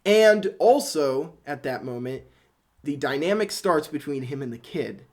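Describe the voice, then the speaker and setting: A man's voice: on the high side, lively intonation, unhurried. A man chatting about a film with a friend, emphatic and opinionated. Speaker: movie reviewer. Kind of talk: casual movie review chat.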